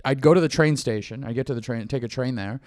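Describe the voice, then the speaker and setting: Smooth-voiced young man telling a rambling story. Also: medium pitch, fast, a little mellow, no room sound, studio quality. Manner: rambling anecdotes, acts out both sides of dialogue. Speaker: comedian podcast co-host. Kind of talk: casual storytelling chat.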